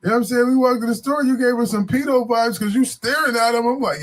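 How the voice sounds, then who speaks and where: A man from Buffalo, New York, telling a story in a casual, animated, digressive way, full of fillers and asides. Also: extremely high pitch, fast talker. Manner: animated, digressive, frequent "you know what I'm saying" fillers.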